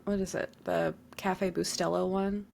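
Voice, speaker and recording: A woman's voice: lowish voice, level tone, unhurried, gravelly, darkish tone. A woman co-hosting a casual podcast, chatting easily and tossing in dry, joking quips. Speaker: podcast co-host. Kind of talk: casual chat.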